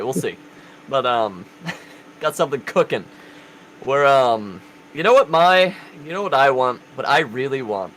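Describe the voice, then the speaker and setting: A man playing a tabletop game, talking in character in a casual, animated way and laughing often. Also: medium pitch, a little slow, long pauses, a little hiss or hum, poor audio. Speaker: player. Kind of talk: in-character tabletop role-play.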